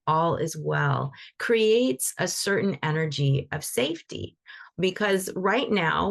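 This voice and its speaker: A woman's voice: fairly low pitch, gravelly. A woman teaching animal Reiki in a live online session, talking loosely and conversationally with frequent restarts.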